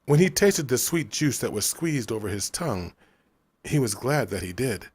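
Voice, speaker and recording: Reading from a novel in a steady, even-paced storyteller's manner, this male audiobook narrator has a medium-pitched voice with a breathy edge. The recording carries no echo.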